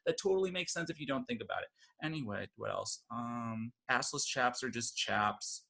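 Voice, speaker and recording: A man performing a stand-up comedy set, rambling with deadpan asides that climb into loud rants. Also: medium pitch, moderate pace, gravelly.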